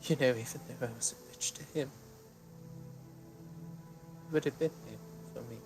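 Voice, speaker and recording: A man voicing a grief-stricken young woman who is crying, in a breathy, whispered sob. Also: mid-range voice, normal speed, music in the background, voice pushed up, natural voice. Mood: tender grief.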